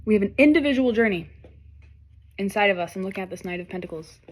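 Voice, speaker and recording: Young woman doing a sweary tarot reading, super animated, talks right at you. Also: mid-range voice, quick pace. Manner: animated, swearing freely, talks straight to viewers. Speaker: tarot reader. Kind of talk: casual tarot reading to camera.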